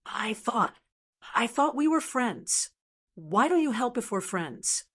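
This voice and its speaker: A woman voicing a foul-mouthed, whiny male talking blackbird in an audiobook, with a sharp voice and a constant stream of complaints and curses. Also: fairly high pitch, sing-song, takes it slowly, husky, full character voice. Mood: pleading. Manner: cursing and complaining. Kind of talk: audiobook character reading.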